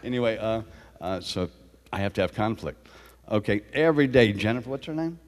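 A man telling animated stories as a guest, often laughing as he talks. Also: lowish voice, fairly quick, long reverb tail. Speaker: guest actor. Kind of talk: casual storytelling.

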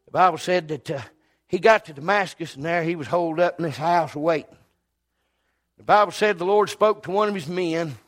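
Male pastor, sermon storyteller, higher-than-usual voice. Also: normal speed. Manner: folksy storytelling with sudden loud rises. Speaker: preacher.

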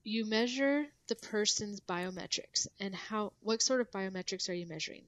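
A woman guest chats through ideas on a podcast, piling up fillers and restarts as she explains. Her voice sits at an ordinary middle pitch. The sound is dry and close. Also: normal speed, no room sound. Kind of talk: casual podcast conversation.

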